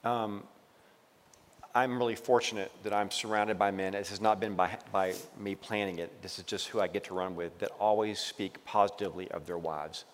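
A man's voice: lowish voice, fairly even intonation, normal speed, long reverb tail. A man co-hosting a faith talk on marriage as a pastor, encouraging and given to preachy asides. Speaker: pastor, co-host. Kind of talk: casual ministry talk on marriage.

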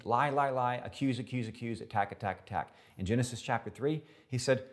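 A man's voice: mid-range voice, moderate pace. A male pastor preaching a sermon in an emphatic style, repeating words for effect.

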